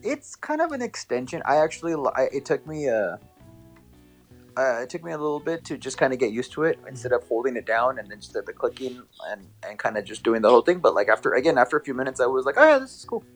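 A man's voice: medium pitch, expressive, quick pace, soft background music. A man chatting casually about gaming, easygoing and quoting his own reactions. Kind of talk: casual chat.

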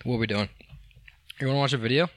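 A man's voice: mid-range voice, racing, no echo. A young man co-hosting a casual podcast, rambling and joking with lots of fillers, restarts and swearing. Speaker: podcast co-host. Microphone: studio microphone.

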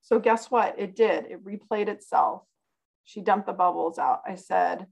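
A woman's voice: medium pitch, a little slow, gravelly, a little mellow, poor audio. A woman guest on a podcast, telling a personal story in an earnest, conversational way.

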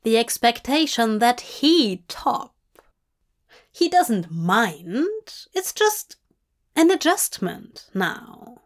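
A woman reading a fanfic aloud as audiobook narration, in a measured, intimate way. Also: a little high, very animated. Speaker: fanfic reader.

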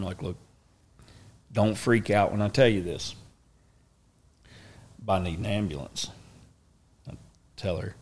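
Lowish guy telling a wild story, acts out what everyone said. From Oklahoma, USA. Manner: animated, acts out quoted speech, drawling. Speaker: interview guest. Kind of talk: casual storytelling.

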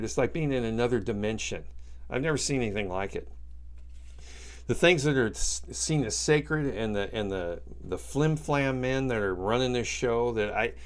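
A man hosting opinionated news commentary, ranting heatedly with frequent stammering restarts. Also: mid-range voice. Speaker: political commentary host.

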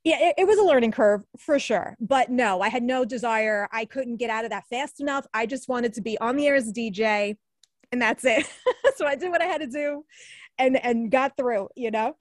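Speaking at a normal speed in a slightly high voice, with no echo, a fortysomething woman with a New York accent talks casually in a podcast interview. She's there as an alumni guest and former radio newscaster, and she laughs a lot and leans heavily on fillers.

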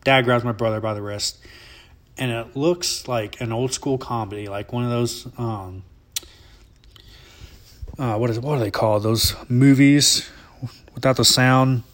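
A man's voice: mid-range voice, steady tone, measured pace, long pauses. A young man from Alabama, telling a family story casually in a rambling, profane, often laughing way. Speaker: vlogger.

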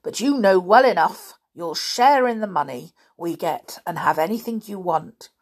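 A woman voicing a stern middle-aged father who talks in a brisk, lecturing way. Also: fairly low pitch, animated, slightly rough.

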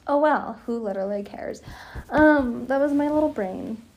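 A woman's voice: high-pitched, normal speed, darkish tone. A woman in her twenties rambling casually to her viewers outdoors, giggling, slipping into whispers, and sounding cold. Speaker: vlogger.

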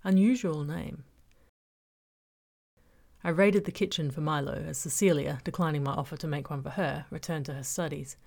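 Brief: female audiobook narrator, low voice with vocal fry, measured first-person telling. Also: fairly even intonation. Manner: measured, reflective storytelling.

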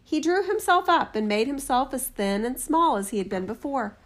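Woman reading a fairy tale aloud. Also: high-pitched. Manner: steady, measured reading. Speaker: storyteller. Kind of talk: storybook narration.

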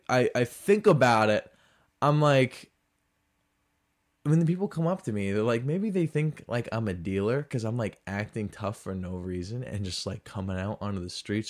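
A man hosting a podcast, talking in a rambling, sarcastic way, full of "like" fillers, in a casual comedic monologue. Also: mid-range voice. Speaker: podcast host.

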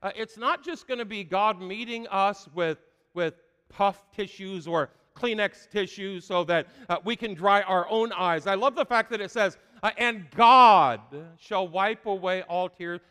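A man's voice: high voice, normal speed, pushed and bright, clear, resonant tone. A middle-aged man preaching a sermon as pastor, with emphatic repeated phrases and frequent "uh" fillers. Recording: long hall reverb.

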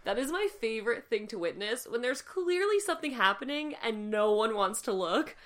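A woman's voice: a little high, expressive, moderate pace. A young woman in a casual chat, teasing her co-host and laughing often.

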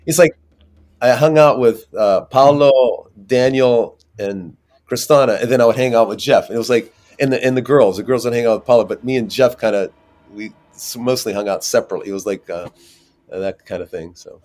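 A man in a casual interview, spinning loose stories full of "uh" and "you know." His voice sits at an ordinary middle pitch, and he keeps circling back as he talks. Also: a little fast. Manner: rambling, animated anecdotes with many fillers. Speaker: actor guest.

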